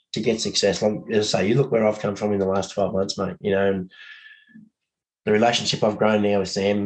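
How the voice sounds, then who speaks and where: A man's voice: lowish voice, darkish tone, poor audio. A man with an Australian accent, a podcast guest chatting in a laid-back way, laughing easily and swearing. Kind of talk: casual podcast chat.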